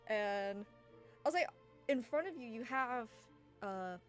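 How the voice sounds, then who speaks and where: A woman's voice: fairly high pitch, animated, slow. Lady gm narrating a tabletop game, super casual and rambly, bit of music behind. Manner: casual, rambling, with fillers and laughs. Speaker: game master.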